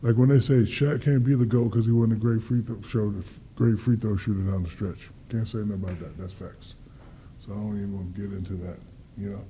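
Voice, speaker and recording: Fifties guy, low dark voice, loose casual storytelling, acts out the dialogue, some cussing, faint rumble behind. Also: brisk. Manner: animated storyteller, acts out dialogue, swears freely. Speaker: guest athlete.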